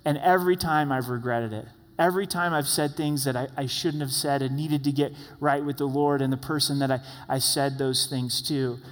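Male pastor, upper-middle pitch, animated exhortation, long church reverb. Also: moderate pace. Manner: animated, exhorting the congregation directly. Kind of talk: sermon. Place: church sanctuary.

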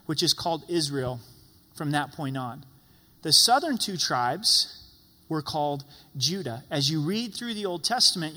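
Male pastor, earnest sermon delivery, bright tone, reverberant sanctuary sound. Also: fairly high pitch. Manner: earnest preaching, voicing prayers as questions to God.

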